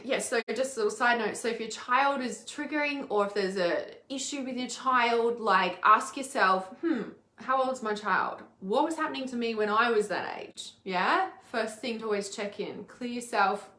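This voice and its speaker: A woman's voice: on the high side, moderate pace, hardly any pauses, sharp tone, reverberant. A woman, an intuitive healer talking candidly to camera, swearing freely and with emphasis. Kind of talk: casual personal video talk.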